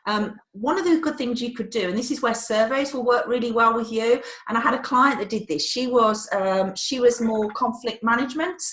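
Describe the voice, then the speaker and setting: A woman's voice: on the high side, normal speed, few pauses, fairly bright tone, roomy sound. A woman hosting a live webinar, chatty and a little flustered by the technology. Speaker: webinar host.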